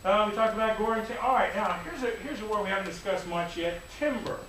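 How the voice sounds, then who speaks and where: A man, a music teacher, giving a lively, playful classroom lecture full of demonstrations. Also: sits high, quick pace, a little hiss or hum. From United States. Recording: echoey room, distant mic, faint ambience.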